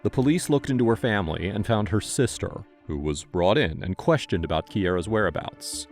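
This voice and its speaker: A man's voice: on the low side, lively intonation, normal speed, darkish tone, soft background music. A man narrating a true-crime case in a scripted storytelling style, with wry asides.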